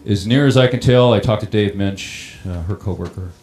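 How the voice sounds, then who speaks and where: A middle-aged man who runs a town water system recounts a personal story in a plain-spoken, halting way. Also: lowish voice, a little mellow. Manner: plain-spoken, halting, many ums and restarts. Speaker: water district operator on a panel.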